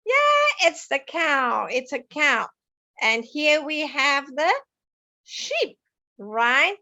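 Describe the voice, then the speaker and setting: A woman's voice: high-pitched, sing-song, very slow, bright, forceful tone. A woman teaching a lesson to young children, sing-song and coaxing, asking them questions as she goes.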